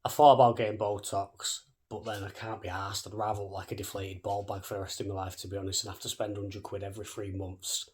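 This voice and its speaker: A man in his thirties talking fast and cheekily to camera in a casual vlog, swearing freely. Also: fairly low pitch, flat delivery, a little mellow. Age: 30s. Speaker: vlogger.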